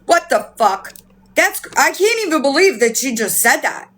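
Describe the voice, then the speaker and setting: A woman's voice: high voice, big pitch swings, moderate pace, fairly bright tone. A woman livestreaming who rants with outrage, swears often and repeats herself, greeting viewers by name. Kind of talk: casual livestream rant.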